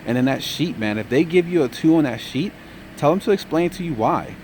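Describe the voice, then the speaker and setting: A man's voice: on the high side, brisk, a little hiss or hum. Tired young man telling a trucking story. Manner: relaxed storytelling, says "man" a lot. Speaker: trucking vlogger. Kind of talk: casual vlog update.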